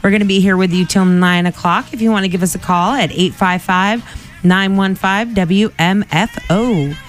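A man's voice: sits high, moderate pace, soft background music. A man hosting a radio show in a studio, chatting casually with lots of "like" fillers and easy laughter.

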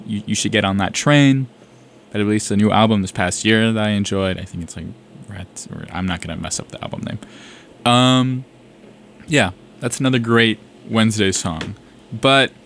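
Young male college radio host from South Carolina; low-pitched, loose and excitable, keeps restarting his sentences. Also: slight background noise. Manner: rambling, self-correcting, enthusiastic. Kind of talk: casual radio chat.

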